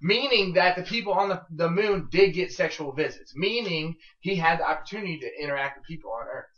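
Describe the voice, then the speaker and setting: A man's voice: a little high, brisk, a bit bright, reverberant, distant mic, highs cut off. A man co-hosting a casual movie podcast, joking, swearing and egging the others on. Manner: joking, profane, goads the others. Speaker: podcast co-host. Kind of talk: casual movie-review chat.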